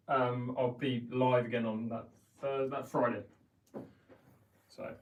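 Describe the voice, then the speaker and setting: A man chatting casually and frankly on a live stream while playing pool, hard on his own play. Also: mid-range voice. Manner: chatty, frank and self-critical. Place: pool room, indoors. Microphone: head-mounted camera. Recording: echoey room, mic far off, noisy.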